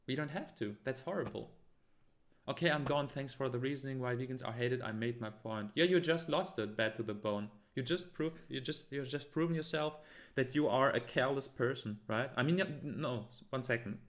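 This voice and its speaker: Heated man arguing with live chat. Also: medium pitch. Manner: argumentative, heated, many fillers and restarts. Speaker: live stream host. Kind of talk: live stream, reading and answering chat comments.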